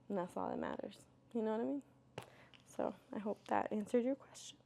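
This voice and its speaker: A young woman chatting candidly as she answers viewer questions, filling her talk with "like" and "you know" and getting loud and lively when she tells a story. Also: mid-range voice, brisk, gravelly. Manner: gets loud and animated when telling stories. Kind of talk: casual Q&A chat.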